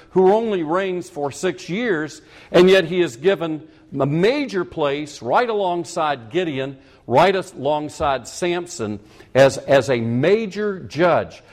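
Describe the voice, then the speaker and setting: Emphatic higher-voiced male preacher. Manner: emphatic, repeats key points; corrects himself mid-sentence. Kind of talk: expository sermon.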